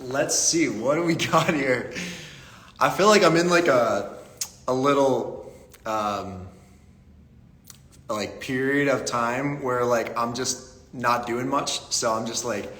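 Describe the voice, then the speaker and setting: A young man from Pittsburgh, USA, hosts a casual live-stream Q&A, upbeat and greeting viewers by name. His voice is medium in pitch and fairly bright, and he speaks slowly with long pauses. The room is echoey, with a long reverb.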